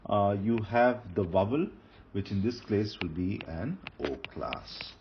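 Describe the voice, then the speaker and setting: Writing on a board as he lectures, this man explains Hebrew grammar in a lowish voice at a measured pace. He goes over key terms again and again, patiently, and often starts phrases over. Faint noise runs under the dull, lo-fi audio.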